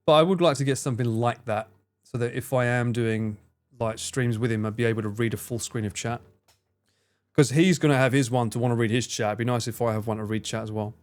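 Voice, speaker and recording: A man hosting a relaxed live stream, talking in a loose, rambling way. He drops casual swears and answers viewers by name as he reads their messages. His voice sits at an ordinary middle pitch. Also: fairly quick. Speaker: livestreamer reading and answering chat.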